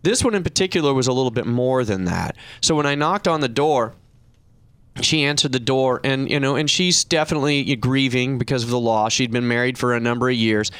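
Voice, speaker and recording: Man, middle-aged, talk-show host, casual storytelling, animated, dry studio sound. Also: brisk, smooth, no room sound. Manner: animated anecdote, raising pitch when quoting others. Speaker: radio show host and reverse mortgage professional.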